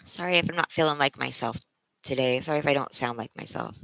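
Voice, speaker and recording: Weary, halting woman near tears. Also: very deep voice, creaky, a bit bright, a little hiss or hum, rough recording. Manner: halting, emotional, restarting sentences. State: close to tears; tired from a sleepless night. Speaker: livestreamer greeting viewers. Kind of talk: casual live-stream chat.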